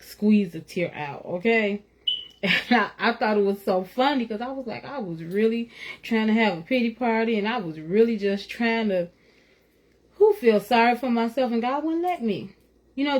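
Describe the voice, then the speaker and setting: A woman giving an informal faith talk and personal testimony, conversational and earnest, with lots of "you know" and a laugh now and then. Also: medium pitch. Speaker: speaker sharing faith testimony.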